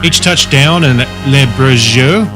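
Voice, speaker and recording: A man's voice: medium pitch, slow, over music. A man co-hosting a casual podcast, joking and stumbling over words as he reads. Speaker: podcast co-host. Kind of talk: casual group chat.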